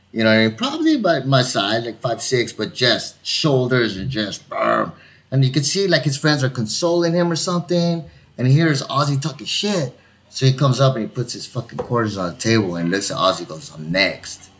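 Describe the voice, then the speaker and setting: Animated, swearing storyteller man. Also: mid-range voice, normal speed. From Southern California. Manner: animated, swearing, acts out the people in his stories. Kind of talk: casual storytelling chat.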